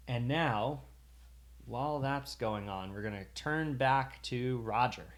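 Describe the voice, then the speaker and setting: Brief: mid-pitched male game master, halting and rambling, narrates combat for a stream. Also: a bit bright. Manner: rambling, hesitant with many fillers.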